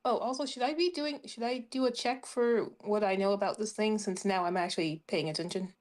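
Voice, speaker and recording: A woman's voice: mid-range voice, fairly quick. A woman playing a tabletop game in an eager, playful way. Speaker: player.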